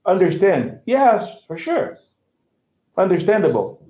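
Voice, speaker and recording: A man's voice: high voice, big pitch swings, slow. Man, English teacher, repeats words to model them, roomy room, dull lo-fi audio. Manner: repeats words to model pronunciation, checks understanding. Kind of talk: casual online lesson chat.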